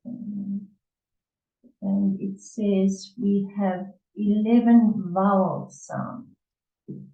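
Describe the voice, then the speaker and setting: A woman tutor talks slowly and hesitantly, pausing on fillers as she explains. Her voice is mellow and dark in tone. It sounds far from the mic in an echoey room, with a dull, muffled quality over a video call. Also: mid-range voice, fairly even intonation, creaky. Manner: unhurried, hesitant with many fillers. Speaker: English tutor. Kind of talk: conversation lesson, reading from an article.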